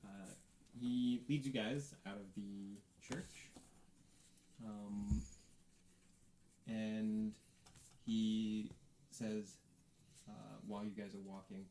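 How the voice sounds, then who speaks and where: Slow, hesitant male game master. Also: lowish voice, fairly even intonation, warm tone, echoey room, slight background noise, poor audio. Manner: slow, hesitant, many fillers. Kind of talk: narrating a tabletop game.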